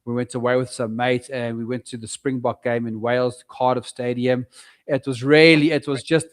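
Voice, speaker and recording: Middle-aged South African man, podcast guest, lively storyteller who acts out his own past words. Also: medium pitch, moderate pace. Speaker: guest property investor. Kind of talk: casual podcast interview.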